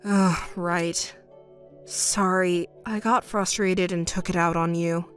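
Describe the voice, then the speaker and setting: A woman's voice: on the low side, steady tone, slow, faint music behind, voice pushed down. A woman reading the part of a cheating husband in a texting story, pleading and defensive, stammering when cornered. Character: cheating, embezzling husband, adult man.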